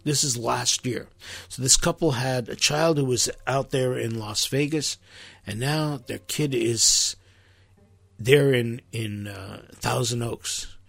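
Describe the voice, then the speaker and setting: A man delivering an impassioned sermon with a gravelly, somewhat husky voice. He presses his points with sharp emphasis. The sound is close and dry. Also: mid-range voice, no echo. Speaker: preacher.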